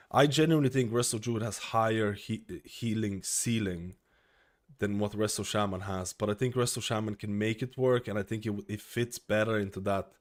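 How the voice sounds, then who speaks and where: A man streaming live, out of breath, talking casually in a rambling way full of fillers. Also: lowish voice. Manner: rambling, uses lots of fillers like "like" and "you know".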